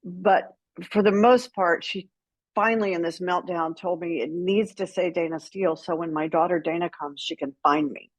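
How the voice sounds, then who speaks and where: A middle-aged woman, a guest author, telling candid stories in an animated way and acting out quoted lines. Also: fairly low pitch, normal speed, dry recording. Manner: animated, acts out quoted dialogue with laughs. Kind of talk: candid conversational storytelling.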